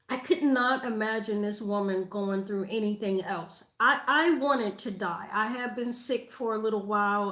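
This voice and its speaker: A woman in her forties shares a personal testimony, emotional and halting, often near tears. Her voice sits at an ordinary middle pitch. The room around her rings with echo. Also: fairly bright tone. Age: 40s. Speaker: host.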